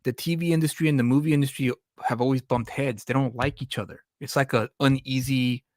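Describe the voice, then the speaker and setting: A man talks casually on a live stream, often stumbling over repeated words before a thought lands. His voice sits in a middle pitch. The sound is close and dry with no room to it. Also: steady tone, brisk, a little mellow, no room sound. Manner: rambling, repeats words when starting sentences. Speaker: podcast host and comic creator.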